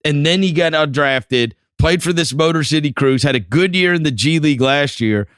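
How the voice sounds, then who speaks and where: Higher-voiced man telling a basketball story. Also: moderate pace, fairly bright tone, smooth, no room sound, studio quality. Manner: eager storyteller, piles on details with "and then". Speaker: podcast co-host. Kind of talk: casual sports chat.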